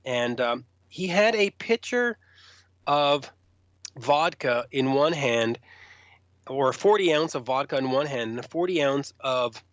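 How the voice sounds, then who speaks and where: A man telling rock stories in an interview, animated, raising his voice to act out quotes. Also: medium pitch, measured pace, dry recording. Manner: animated, acts out quotes in a raised voice. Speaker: rock journalist guest. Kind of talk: storytelling interview. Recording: dull, lo-fi sound.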